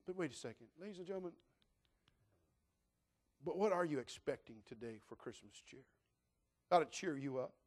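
An older man preaching a sermon in a church in an animated, joking, conversational way. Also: on the high side, moderate pace, pauses often. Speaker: pastor.

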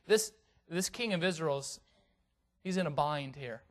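A man preaching a sermon and reading scripture aloud, swinging from hushed asides to loud, dramatic peaks. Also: high voice, normal speed. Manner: reads scripture in King James wording.

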